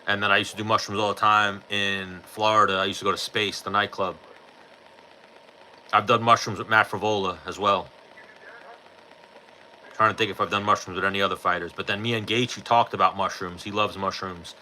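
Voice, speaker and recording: Host, thirties; lowish, piercingly bright voice, blunt and profane, faint hiss behind. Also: male voice, fairly even intonation, a little fast, poor audio. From New York. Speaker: podcast host answering live chat. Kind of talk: casual chat.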